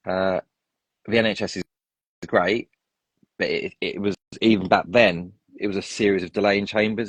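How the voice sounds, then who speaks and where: A man with a lowish voice tells long stories in a casual interview. He rambles, starts sentences over and wanders off on tangents. His voice is recorded dry and close. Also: no echo. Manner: rambling, full of restarts and tangents. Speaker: interview guest. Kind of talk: casual storytelling.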